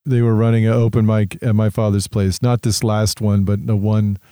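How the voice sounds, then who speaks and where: A man's voice: on the low side, flat delivery, normal speed, dark tone, clear, resonant tone, no echo. Male podcast co-host, meandering storyteller with plenty of fillers, clean voice, dry close mic. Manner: rambling storyteller, lots of fillers and restarts, swears. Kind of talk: casual podcast chat.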